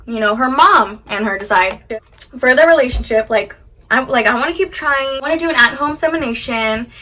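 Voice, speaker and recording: A woman chatting casually while doing her makeup, retelling a reality show with lively acted quotes. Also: high-pitched, fairly quick. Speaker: beauty vlogger. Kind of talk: casual get-ready-with-me chat.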